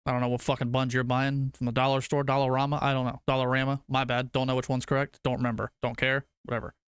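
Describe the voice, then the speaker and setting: A young man streaming to his chat, rambling through food debates and cursing casually. His voice is smooth and clear, recorded dry and close on a desk mic. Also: mid-range voice, level tone, fast talker, dry recording. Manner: rambling, swears casually, argues food opinions.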